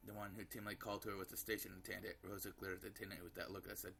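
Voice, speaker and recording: A man narrating a visual novel aloud as he plays. His voice is deep and gravelly with a bright edge, and it stays flat. He stumbles now and then and corrects himself. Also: very fast, few pauses, slight background noise. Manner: reading with slips and self-corrections. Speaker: gameplay narrator.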